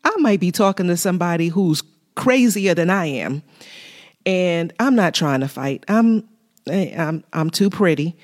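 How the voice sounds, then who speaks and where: A woman's voice: on the low side, animated, unhurried, a little mellow. A woman co-hosting a faith talk show with her husband, speaking candidly and with humor about marriage.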